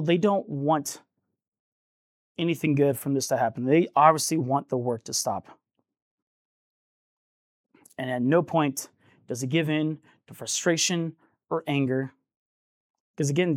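A man's voice: fairly high pitch, a little slow, pauses often, dry recording, studio quality. Earnest conversational male preacher. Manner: conversational and earnest, acting out quoted voices. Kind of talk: sermon.

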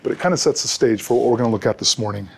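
A man's voice: medium pitch, rapid-fire, vocal fry, breathy edge. A middle-aged man preaching a sermon as a pastor, earnest and often repeating words as he restarts.

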